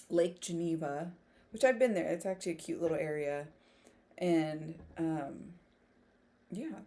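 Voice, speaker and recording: A woman with a lowish, mellow voice hosts a casual writing livestream. She chats, giggles and laughs often, and reads viewer comments aloud.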